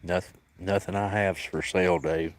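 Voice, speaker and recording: A man's voice: low-pitched, fairly even intonation, normal speed, a little hiss or hum. A man chatting casually on a phone livestream outdoors, folksy and drawling, answering viewers by name. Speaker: cat sanctuary livestreamer. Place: outdoors at an animal sanctuary.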